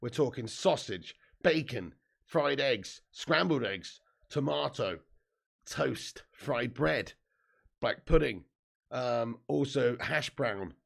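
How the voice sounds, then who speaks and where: Just woken up, a man in his 30s hosts a live football watch-along filled with swearing and jokes, reading out viewer comments as he chats casually and commentates on the match. His medium-pitched voice is animated, creaky and a bit bright, and he speaks slowly.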